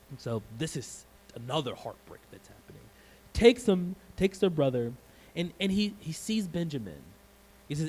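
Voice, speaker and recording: A male pastor preaching a sermon in a church, telling the story in an animated way and acting out the scenes. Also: fairly high pitch, moderate pace, a little hiss or hum, poor audio.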